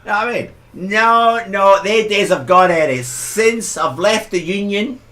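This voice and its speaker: A man with a Glasgow Scottish accent co-hosts a relaxed talk show. His voice sits high and swoops through a lively range as he rants and mimics other people. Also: a little slow. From Scotland. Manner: animated, ranting storyteller who mimics others. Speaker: co-host. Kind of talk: casual chat.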